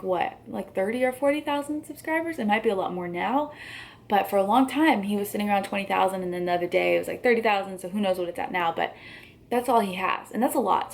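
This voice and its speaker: A woman's voice: medium pitch, vocal fry, a little hiss or hum. A young woman in her twenties talking frankly in a casual commentary vlog, agitated, with frequent "um" and "like" fillers. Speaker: YouTuber.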